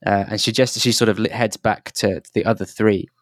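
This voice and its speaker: A man's voice: lowish voice, steady tone, brisk, no echo, clean studio sound. A man narrating a tabletop game as game master, descriptive and full of restarts. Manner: descriptive, hesitant, many restarts.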